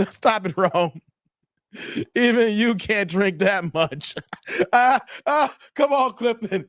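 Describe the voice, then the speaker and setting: A high-pitched man hosting a live stream, his voice jumping all over as he laughs and jokes with his chat. The sound is close and dry, with no room around it. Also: slow pace, no echo. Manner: laughing, animated banter with chat.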